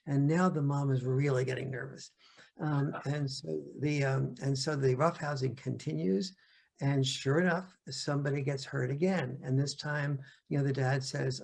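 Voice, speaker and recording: An older man gives a talk over a video call, halting and restarting as he searches for words. His voice is deeply gravelly, with a husky, rough edge at a middling pitch. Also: fairly even intonation, darkish tone. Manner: halting, many restarts and fillers. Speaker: guest speaker. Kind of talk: lecture-style talk.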